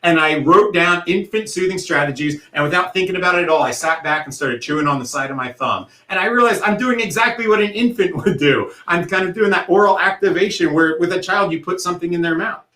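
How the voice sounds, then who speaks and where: A man's voice: sits high, fast talker, few pauses, sharp tone. Earnest man presenting a workshop, roomy sound. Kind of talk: recorded presentation talk.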